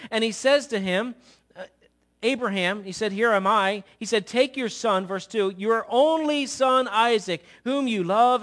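A man delivers a sermon in a high, bright voice. He retells the story dramatically, playing its people and dropping from loud declarations to hushed asides. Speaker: preacher.

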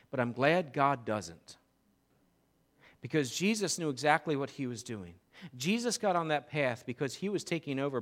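High-voiced animated male pastor. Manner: animated storytelling, acts out crowd voices. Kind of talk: sermon.

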